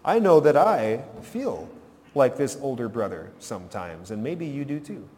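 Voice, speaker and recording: A man's voice: medium pitch, sing-song, measured pace, warm tone, in a large hall. A man preaching a sermon as pastor, emphatic, rising and falling for effect.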